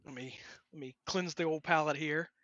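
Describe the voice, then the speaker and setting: A man's voice: a little high, steady tone, normal speed, pushed and bright, no echo. A man co-hosting a podcast in casual chat, a bit hesitant and self-deprecating. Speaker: podcast co-host. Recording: dull lo-fi podcast mic.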